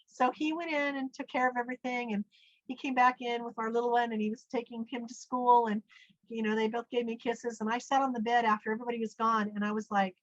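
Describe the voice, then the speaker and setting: Middle-aged woman guest, animated storyteller, slightly high voice, lo-fi sound. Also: quick pace, no room sound. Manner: animated storyteller, acts out quoted speech with big pitch jumps. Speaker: podcast guest. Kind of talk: personal storytelling in an interview. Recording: dull, dry lo-fi audio.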